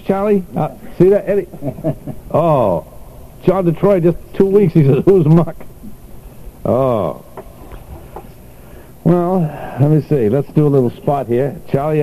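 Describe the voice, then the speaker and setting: A man's voice: mid-range voice, warm tone, slight background noise, low-quality recording. An older man hosting a radio show in a casual, chatty way, laughing often and reading items aloud to the listeners. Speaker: radio host.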